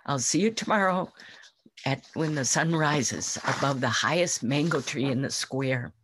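Casting: a smug, scoffing merchant, as a woman storyteller puts him on, quick and sneering. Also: a bass voice, animated, fairly bright tone, a little hiss or hum, exaggerated voice, poor audio. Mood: confident. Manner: mocking, brisk. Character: wealthy, scoffing male merchant.

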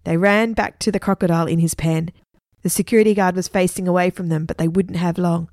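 A woman storyteller reading a children's adventure story aloud with lively expression. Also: lowish voice, brisk, dry recording, studio quality.

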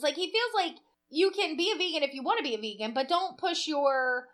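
Woman, podcast co-host, higher voice, blunt and profane in casual chat. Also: animated, brisk, a bit bright. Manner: swears freely, chatty and opinionated.

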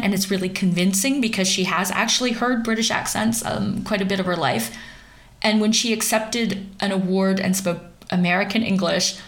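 A young woman from central Pennsylvania giving sarcastic, wry commentary on celebrity gossip. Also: mid-range voice.

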